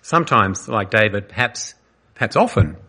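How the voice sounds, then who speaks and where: Male pastor, earnest sermon delivery, low and husky, forceful. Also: animated. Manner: earnest, dramatic, pausing often.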